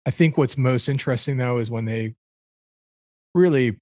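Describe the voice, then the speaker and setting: A man's voice: mid-range voice, moderate pace, warm tone, no echo. Rambling man on a dry podcast mic. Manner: rambling, searches for words with fillers. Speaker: podcast co-host. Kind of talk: casual chat, music review.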